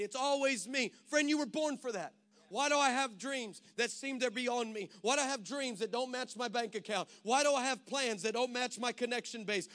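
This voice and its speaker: A man's voice: extremely high pitch, fairly bright tone. A male pastor preaching a sermon in an emphatic, punchy way.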